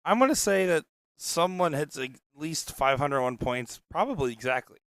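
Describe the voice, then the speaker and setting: A man's voice: on the high side, expressive, moderate pace, fairly bright tone, no room sound. A man doing live darts commentary with casual, joking asides. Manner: chatty, joking, rambling asides. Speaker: dart commentator.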